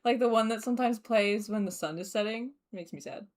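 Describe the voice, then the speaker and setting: A young woman with an Australian accent chatting casually while streaming a game, laughing often and filling pauses with ums and likes. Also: on the high side, a little mellow. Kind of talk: casual gameplay commentary.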